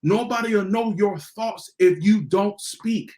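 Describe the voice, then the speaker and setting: A man hosting a motivational podcast, repeating his key lines slowly for emphasis. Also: high-pitched, roomy sound, background noise. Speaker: podcast host.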